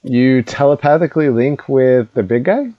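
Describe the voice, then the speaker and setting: A man's voice: medium pitch, animated, moderate pace, no room sound, lo-fi sound. A man narrating as game master, casual and chatty with lots of fillers. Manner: casual, laughing, filler-heavy.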